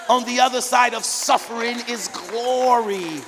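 A man's voice: very high voice, measured pace, fairly bright tone, in a large hall, some chatter behind, a little hiss or hum. A man preaching a sermon to his congregation in a church, fervent and conversational with call-and-response. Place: church sanctuary.

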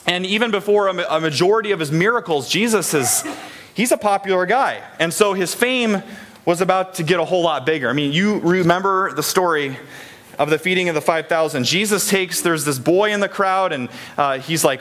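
A man's voice: high voice, fairly quick, fairly bright tone. A man preaching a chatty sermon to a church congregation, often asking them questions. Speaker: pastor. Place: church in Des Moines, Iowa.

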